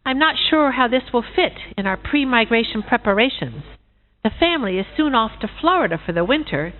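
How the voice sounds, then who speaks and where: Woman voicing a high, dithering storybook goose, older and forgetful, phone-like sound. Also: sing-song, brisk. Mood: puzzled. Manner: hesitant, unsure.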